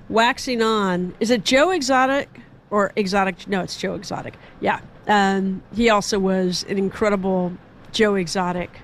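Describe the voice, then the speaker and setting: A woman's voice: medium pitch, slight background noise. Chatty woman radio DJ, rambling. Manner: rambling, chatty, with asides and self-corrections. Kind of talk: casual radio DJ chat. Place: radio studio.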